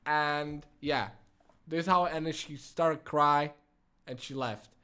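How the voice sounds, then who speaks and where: Young man, slightly high pitch, casual storytime, heavy swearing, many fillers. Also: steady tone, slow pace, bright, forceful tone, clean tone. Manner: swears a lot, many fillers, non-native phrasing. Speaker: vlogger.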